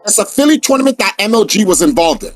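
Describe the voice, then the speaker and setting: Telling a story in a casual podcast chat, a man speaks fast in a high-sitting voice, with faint music behind and no room sound. He's animated, swears, and performs the voices of the people in his tale.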